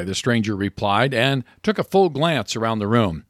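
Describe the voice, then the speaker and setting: A man hosting a radio show, reading ads and reciting a rhyming western poem in a steady rhythm. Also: lowish voice, normal speed, few pauses, no room sound, clean studio sound. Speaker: radio host.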